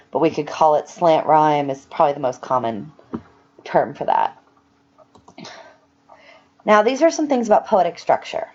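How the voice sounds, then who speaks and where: A woman's voice: fairly low pitch, a little mellow, highs cut off. A woman teaching a recorded lecture, explaining things step by step with some fillers and self-corrections.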